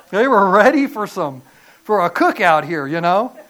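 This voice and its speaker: Middle-aged male preacher; animated, folksy sermon delivery with sharp swings from loud to hushed. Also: sits high, moderate pace. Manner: animated, folksy storytelling with sudden loud bursts and quiet drops. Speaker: pastor.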